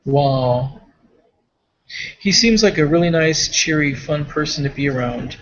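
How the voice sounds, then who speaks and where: A man's voice: fairly high pitch, animated, measured pace, a bit bright, dull audio. A man co-hosting a casual chat, rambling along with frequent restarts, fillers and trailing thoughts. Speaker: podcast co-host.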